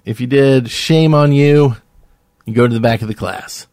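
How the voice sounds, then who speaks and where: A podcast co-host with a medium-pitched, darkish voice speaks at a moderate pace in casual chat. He rambles and hesitates, using many fillers, and the recording is dry with clean studio sound.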